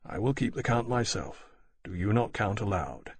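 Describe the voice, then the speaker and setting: A man's voice: fairly low pitch, animated, normal speed, breathy edge. A man reading an audiobook, voicing a stern naval captain who gives clipped, severe orders. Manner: clipped, commanding, quietly severe. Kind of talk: audiobook character voice.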